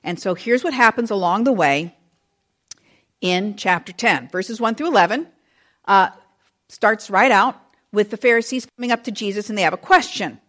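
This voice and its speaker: A middle-aged woman delivers a sermon in a storytelling way, her pitch rising and falling with lively range. She acts out the people in the story and talks straight to the children. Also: moderate pace. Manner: animated storytelling, acting out quoted voices; speaks to children in the audience. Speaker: preacher.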